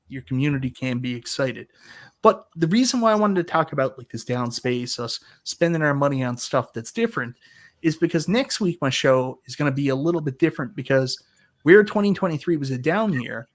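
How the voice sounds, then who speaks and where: Laughing man hosting a casual panel. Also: fairly high pitch. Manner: jokey storyteller, laughs a lot. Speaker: host of an arcade talk show.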